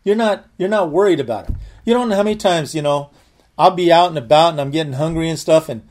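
A man's voice: fairly high pitch, fast, darkish tone. A man giving conversational Bible teaching, earnest, often repeating and restarting his words.

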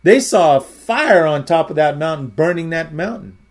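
A man's voice: a little high, lively intonation, normal speed. Earnest man telling a rambling testimony. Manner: rambling, repeats words often; earnest storytelling. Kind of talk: testimony sermon.

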